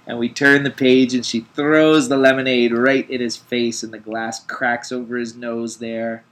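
A man's voice: mid-range voice, flat delivery, a little slow, a bit bright. Laughing male podcast co-host. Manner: laughs often, eager retelling. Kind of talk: casual chat retelling a comic issue.

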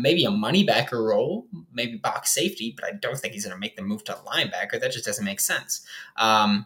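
A man's voice: mid-range voice, fairly bright tone. A young man hosting a casual sports show, breaking down his team's roster in a loose, rambling way with lots of fillers. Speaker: sports podcast host. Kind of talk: casual football analysis.

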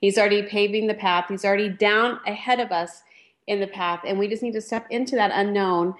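A woman co-hosting a faith talk radio show. Her delivery is earnest and encouraging, with slow, deliberate phrasing. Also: medium pitch, fairly even intonation.

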